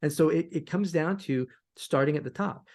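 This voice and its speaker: A man guest on a podcast interview, telling stories from his music career in an animated way and often repeating words as he restarts. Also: fairly high pitch, moderate pace. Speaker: guest, sync licensing musician. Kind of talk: conversational interview answers.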